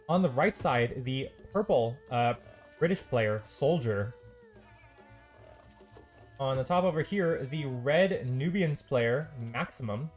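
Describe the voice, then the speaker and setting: A man's voice: mid-range voice, a little mellow. A man hosting a live stream and casting a strategy game tournament on his own. He talks loosely and chattily, with many ums and uhs and the odd dry, sarcastic aside. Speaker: esports caster and stream host. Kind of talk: solo live game commentary.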